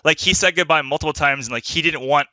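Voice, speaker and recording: Bright rambling young man, dry close mic. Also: fairly high pitch, fast talker, no room sound. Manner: rambling, heavy filler words, swears freely. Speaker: podcast co-host. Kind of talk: casual chat.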